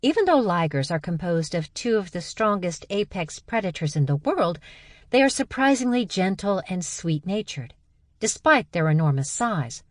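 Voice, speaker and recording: A woman's voice: fairly low pitch, big pitch swings, normal speed, no room sound, clean studio sound, pitched above the performer's own voice. A woman voicing a nerdy young woman who explains facts in a precise, lecturing way.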